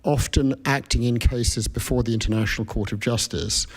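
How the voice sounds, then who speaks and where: Husky, measured British man lecturing. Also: medium pitch, steady tone. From United Kingdom. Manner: measured, reflective, self-questioning. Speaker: guest speaker. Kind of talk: public lecture. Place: event hall with an audience.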